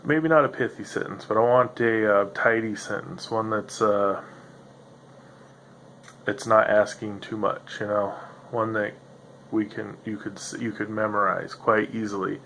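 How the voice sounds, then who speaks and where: This rambling solo podcast monologue comes from a male host who wanders between thoughts and cuts himself off. He speaks at a measured pace in a steady, low-leaning voice that's slightly nasal and a bit bright, with a faint hiss or hum present.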